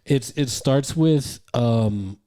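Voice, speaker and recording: A man chatting casually on a film podcast, stumbling over and repeating words as he finds his point. His voice is mellow and relaxed in tone. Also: medium pitch. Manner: halting, repeats words while searching for them. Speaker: podcast co-host. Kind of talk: casual movie-review chat.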